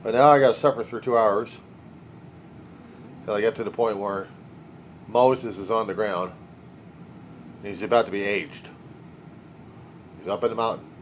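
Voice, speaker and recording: A man's voice: lowish voice, fairly even intonation, normal speed, pauses often, a little hiss or hum. A man talking alone in a video diary, rambling in a sardonic, wisecracking way. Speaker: video diarist. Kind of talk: rambling personal monologue.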